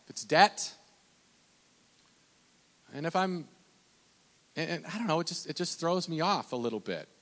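A man's voice: on the high side, lively intonation, a little slow, pauses often, fairly bright tone, in a large hall. A man who works at a bank, talking casually and rambling with many restarts and fillers. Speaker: bank loan officer. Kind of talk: casual talk.

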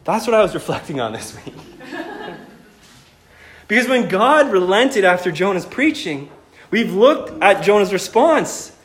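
A male pastor delivers a sermon in a high, bright speaking voice. He talks to the congregation in a casual, conversational way and slips in jokes as he goes. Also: a little slow, long pauses. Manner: animated, conversational, joking.

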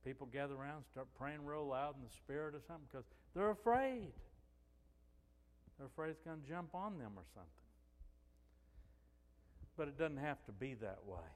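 A man's voice: fairly high pitch, expressive, normal speed, long pauses, big-room sound. A man preaching a sermon as a pastor, telling stories and acting out the quoted dialogue. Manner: storytelling, acts out quoted dialogue.

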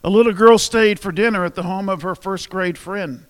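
Male pastor, high voice, conversational sermon, asks the room questions, echoing hall. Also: normal speed. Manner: conversational, polls the congregation. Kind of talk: sermon with humor and audience interaction.

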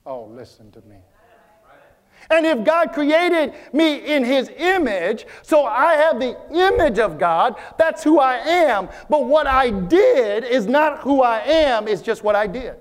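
A man from Vietnam, preaching a sermon earnestly, repeating key phrases and slowing down for emphasis. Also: extremely high pitch, lively intonation. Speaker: pastor. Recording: long hall reverb.

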